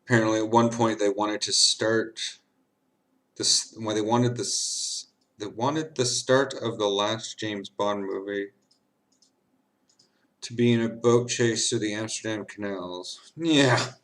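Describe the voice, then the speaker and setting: Slow, rambling tipsy man streaming. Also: fairly low pitch, fairly even intonation, a bit bright. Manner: rambling, giggly, jokey. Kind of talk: casual chat while gaming.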